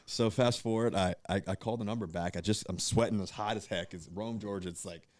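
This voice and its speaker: Guy in his 30s telling stories on a podcast, lowish voice, dry close sound, lots of restarts. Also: brisk, no echo. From Virginia, USA. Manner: animated, acts out quoted voices, many fillers and restarts. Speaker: guest, pro football quarterback. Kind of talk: storytelling in casual podcast chat.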